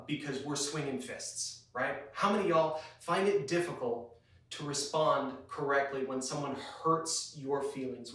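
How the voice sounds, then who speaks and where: A man's voice: on the high side, fairly bright tone. A man preaching to a youth group, earnest and direct, asking the listeners many questions. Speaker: youth pastor. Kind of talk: youth sermon. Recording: very echoey room, voice from a distance.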